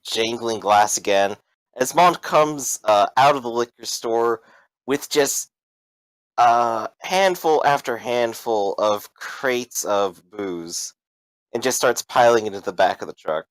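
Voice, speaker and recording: A man running a tabletop role-playing game as game master, narrating in a relaxed way with many fillers. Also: medium pitch, slow pace, no echo, poor audio.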